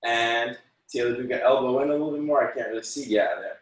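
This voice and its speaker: A man coaching a martial arts class online, calling out counts and giving encouraging corrections. His mid-pitched voice rings through a very echoey room. He speaks from some distance off the mic. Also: fast. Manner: encouraging, counts out moves and corrects students by name. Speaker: taekwondo instructor. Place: room, teaching students over video call.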